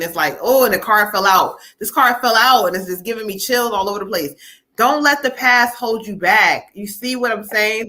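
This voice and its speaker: A psychic reader hosting a live stream gives tarot readings in a bright, mid-range voice. She's chatty and laughs often while relaying spirit messages.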